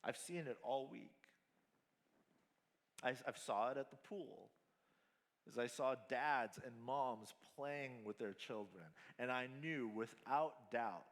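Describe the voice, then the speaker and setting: A man preaching a sermon at a family camp, slow and emphatic, mixing scripture with casual slang. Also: mid-range voice. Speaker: pastor. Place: large hall at a family camp. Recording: hall reverb.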